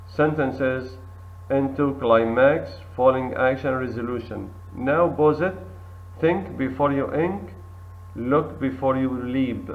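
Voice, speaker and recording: Male English teacher, very slow, drills each word twice, thin phone-like sound. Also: mid-range voice. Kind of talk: recorded classroom lesson. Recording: tinny phone-like audio.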